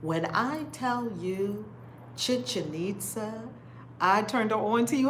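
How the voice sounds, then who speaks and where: A woman's voice: medium pitch, animated, takes it slowly, fairly bright tone, echoey room, a little hiss or hum. A middle-aged woman hosting a spiritual livestream, exuberantly greeting viewers with repeated catchphrases. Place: room, livestreaming.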